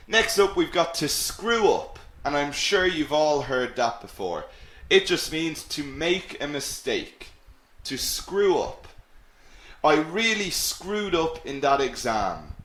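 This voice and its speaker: A man teaching an English lesson, upbeat and encouraging, repeating key words slowly. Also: fairly high pitch, a bit bright. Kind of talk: live online English lesson. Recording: roomy echo.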